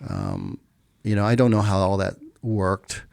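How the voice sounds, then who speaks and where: A middle-aged man with a low, gravelly voice tells a personal story in a relaxed, casual way. He gets animated when he acts out the quotes in his story. The recording is close and dry, with no room sound. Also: unhurried, no room sound. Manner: animated when acting out quotes, laughs while telling. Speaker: podcast guest.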